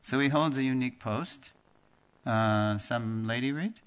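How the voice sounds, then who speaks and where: A man with a medium-pitched voice speaks at a measured pace, telling a story to his religious class as its teacher. He's an animated storyteller who acts out the quoted dialogue, talking conversationally with fillers and restarts and laughing now and then.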